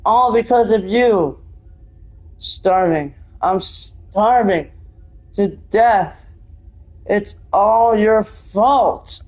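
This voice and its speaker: A man's voice: high voice, voice pushed up, heavily acted, rough recording. A man reading as a strange, vengeful voice. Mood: menacing, bitter. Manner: slow, drawn-out reading. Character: strange vengeful voice from a found recording.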